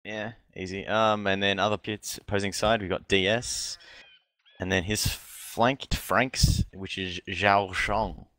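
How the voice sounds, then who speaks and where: A man's voice: on the low side, fairly even intonation, measured pace, a bit bright, clear, resonant tone. A man co-casting a live strategy game tournament, joking and enthusiastic. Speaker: co-caster. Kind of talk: casual live commentary.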